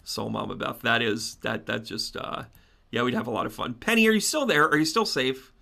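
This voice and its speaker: A man hosting a casual live stream as a spiritual medium and astrology teacher, chatting animatedly with viewers and breaking into loud laughter. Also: mid-range voice, fairly quick, vocal fry.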